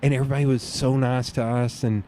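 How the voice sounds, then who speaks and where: A man's voice: medium pitch, flat delivery, fast talker, dark tone. A man with a Southern US accent, a podcast guest rambling through stories in casual chat and laughing often.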